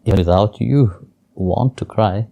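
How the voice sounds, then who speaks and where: A low-pitched man with a mellow, dark voice, gently telling spiritual stories in an interview. His phrasing is simple and non-native, and he chuckles softly now and then. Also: a little slow, vocal fry. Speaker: spiritual teacher. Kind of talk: storytelling and spiritual teaching in an interview.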